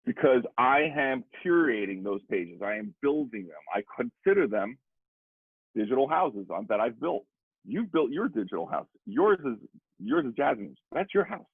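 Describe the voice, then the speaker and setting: Husky middle-aged man on a tinny line. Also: medium pitch, normal speed, dry recording. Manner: animated, rambling, repeats "I said". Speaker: guest drummer and educator. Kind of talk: casual storytelling conversation. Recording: dry, tinny phone-like sound.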